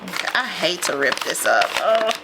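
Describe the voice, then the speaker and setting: A lifestyle vlogger with a fairly low, sing-song voice talks at a normal speed while unboxing a mystery box. She chats casually with her viewers and calls them "y'all." The recording is very noisy.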